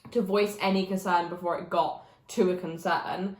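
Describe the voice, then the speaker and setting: A young woman, a guest talking casually and thinking out loud. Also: on the low side, steady tone, moderate pace. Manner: chatty, thinks aloud with restarts. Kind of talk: casual chat. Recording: roomy echo.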